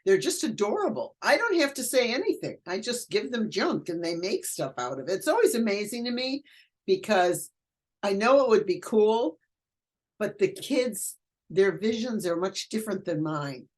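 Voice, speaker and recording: An older woman who is a guest educator, chatting casually in an interview and telling animated stories. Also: mid-range voice, normal speed. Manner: animated storyteller, acts out quoted voices.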